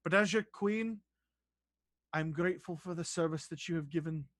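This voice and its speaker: Man voicing a calm, stately queen. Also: a little high, no echo, lightly acted. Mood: formal. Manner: measured, stately speech. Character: composed, formal female queen.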